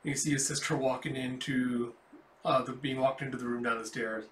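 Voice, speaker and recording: Casual comic readthrough by a mid-pitched man, lots of fillers, roomy echo. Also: fairly even intonation, fairly quick, distant mic. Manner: describes panels aloud with frequent fillers. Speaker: comic book reader. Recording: echoey room.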